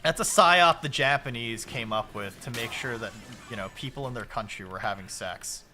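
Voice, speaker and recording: A man in his late twenties chatting casually while streaming a game, loose and profane, shouting at the game when it goes wrong. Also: medium pitch, normal speed, soft background music. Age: late 20s.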